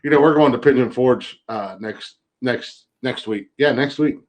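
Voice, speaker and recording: A male podcast co-host tells loose, rambling stories and jokes his way through them, laughing often. His voice sits at an ordinary middle pitch. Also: normal speed. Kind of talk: casual chat.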